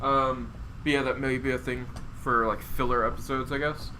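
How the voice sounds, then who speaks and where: A man's voice: medium pitch, little pitch movement, moderate pace, sharp tone, slight background noise, poor audio. A man hosting a casual podcast with friends, swearing freely and steering the talk back to topics. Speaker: podcast host and audio editor. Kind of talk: casual chat.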